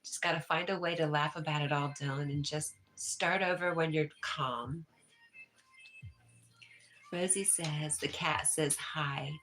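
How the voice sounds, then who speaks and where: A woman with a notably low voice hosts a casual livestream, reading viewers' comments aloud. She is easygoing and gently reassuring, and she chuckles often. She is from New York. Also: steady tone, measured pace, faint music behind. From New York, USA. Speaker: livestream host.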